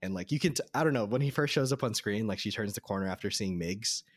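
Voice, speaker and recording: A man with a lowish voice chatting casually about a film on a podcast. He rambles with many fillers and restarts. His voice sounds close and dry. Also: lively intonation, quick pace, no room sound. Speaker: podcast co-host.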